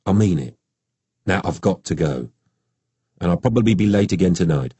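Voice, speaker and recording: Guy reading a cheerful geordie cop, brisk and breezy, low husky voice, dry sound. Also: animated, warm tone, dry recording, heavily acted. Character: upbeat Newcastle police detective, husband and father.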